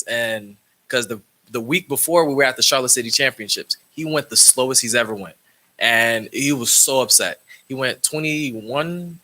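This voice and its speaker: A man's voice: medium pitch, bright, forceful tone. A man, a track coach, speaking at a school board meeting and telling a story about an athlete, with frequent restarts and acted-out dialogue. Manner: storytelling, many restarts, acts out quoted dialogue. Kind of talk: speech at a public meeting.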